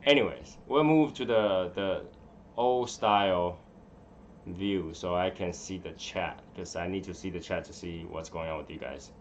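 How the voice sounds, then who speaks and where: A man's voice: deep voice, unhurried, dull audio, slight background noise. A man hosting a casual live stream, rambling and muttering to himself as he fiddles with his settings in a room at home. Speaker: livestream host.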